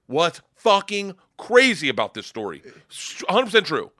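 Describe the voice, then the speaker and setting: A male comedian telling a story on a podcast in a loud, profane, animated way. His voice is bright and swings widely in pitch. The recording is dry and close. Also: normal speed, no room sound. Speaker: comedian guest.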